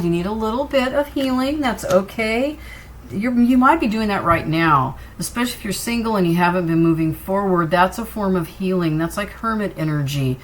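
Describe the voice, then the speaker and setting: A woman's voice: lowish voice, a little hiss or hum. A woman giving a tarot reading, talking straight to her viewers in an encouraging way. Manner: encouraging, direct address to viewer. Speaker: tarot reader.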